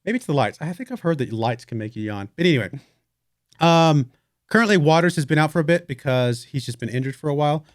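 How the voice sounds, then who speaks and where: A man's voice: on the high side, fast talker, dry recording, clean studio sound. A young man hosting a let's play, casually talking through his game with rambling asides, fillers and the odd yawn. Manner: relaxed, rambling, yawning, thinking aloud with fillers. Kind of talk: casual gameplay commentary.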